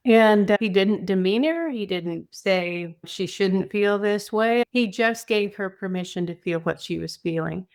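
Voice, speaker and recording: An older woman, a podcast guest, chatting about caregiving and telling lively stories with voiced quotes. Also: medium pitch, measured pace, smooth. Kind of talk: conversational storytelling.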